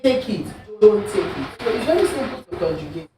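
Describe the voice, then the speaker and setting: A woman's voice: mid-range voice, sing-song, brisk, background noise. A woman teaches a classroom lesson, walking learners through examples and often asking if they are with her. Her voice rings around a roomy space. The mic is set some distance away from her. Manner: patient, repeats examples and checks understanding. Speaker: Igbo language teacher.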